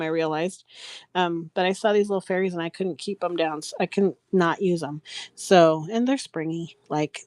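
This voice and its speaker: A woman's voice: medium pitch, darkish tone, dry recording. A woman hosting a live craft sales stream, chatting casually, rambling and laughing often as she greets viewers by name. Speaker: craft seller and live show host.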